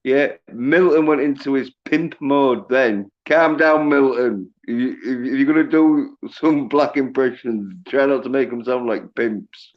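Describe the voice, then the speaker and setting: A man's voice: medium pitch, unhurried, hardly any pauses, dull audio. A man on a casual livestream, teasing and swearing freely. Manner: profane, teasing. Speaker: livestream guest.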